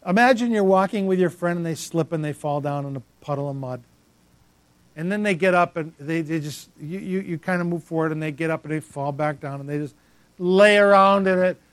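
A man's voice: on the high side, fairly quick, no echo. A man preaching a sermon as pastor, emphatic and repetitive, calling out congregants by name.

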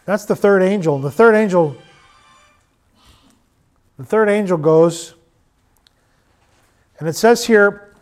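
A middle-aged man preaching a sermon, swinging between loud urging and quiet storytelling. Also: high voice, slow, long pauses, soft background music.

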